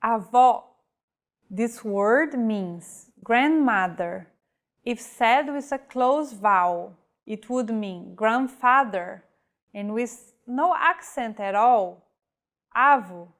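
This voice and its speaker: Slow, careful woman teacher. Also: a little high, animated. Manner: slow, careful, enunciating example words. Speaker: language teacher. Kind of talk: slow scripted pronunciation lesson.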